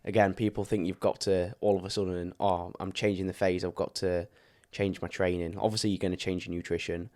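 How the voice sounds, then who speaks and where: Low-voiced man talking fitness coaching. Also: level tone, a little fast, few pauses, a little mellow. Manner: explains coaching advice at length, with filler words. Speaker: fitness coach and podcast co-host. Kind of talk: casual podcast chat.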